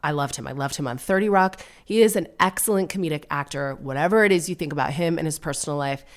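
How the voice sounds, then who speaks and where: A woman's voice: low voice, quick pace. A woman in her thirties hosting a podcast, chatting casually and sardonically, with mocking put-on voices. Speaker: podcast host. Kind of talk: casual solo comedy chat.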